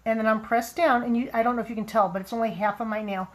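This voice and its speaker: A woman casually demonstrating how to apply nail strips, chatting and rambling with friendly asides, a frog in her throat that makes her clear it now and then. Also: a little high, steady tone, fast talker. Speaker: nail product seller demonstrating application.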